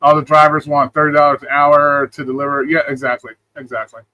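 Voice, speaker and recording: A man running a casual live stream, answering clips and chat with blunt, repetitive jabs. His voice is bright and forceful and sits a bit high for a man. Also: level tone, brisk, lo-fi sound.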